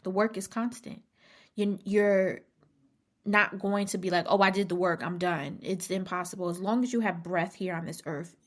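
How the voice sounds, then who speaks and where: Woman podcast host, husky rasp, emphatic heart-to-heart talk that repeats itself for weight, slips into hushed asides. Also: fairly low pitch. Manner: emphatic, repeats key phrases, dips into near-whispers. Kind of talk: casual motivational monologue.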